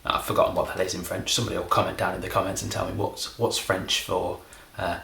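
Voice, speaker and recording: A middle-aged man from England, a comedy magician, rambling through a deadpan, self-deprecating monologue. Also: low-pitched, fast talker, gravelly, echoey room.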